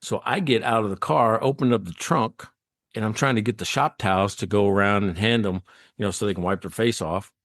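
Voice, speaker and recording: A man, a former state trooper, telling an animated story as a podcast guest, acting out quotes and laughing often. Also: fairly low pitch, brisk.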